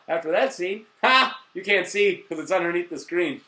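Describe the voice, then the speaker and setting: A man hosting a casual TV episode review, excitable and profane, rambling with fillers and mock voices. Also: high voice, normal speed, echoey room. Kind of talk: casual video review chat.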